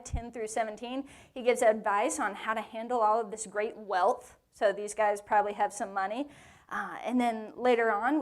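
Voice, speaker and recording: A woman teaching a lively women's Bible study to a live group in a meeting room, with playful joking asides. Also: medium pitch.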